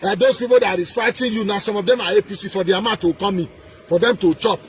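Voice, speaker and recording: A man with a Nigerian accent delivering a heated political rant, emphatic and repetitive, with sing-song rises and shouted bursts. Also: sits high, fast, slight background noise. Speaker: political commentator.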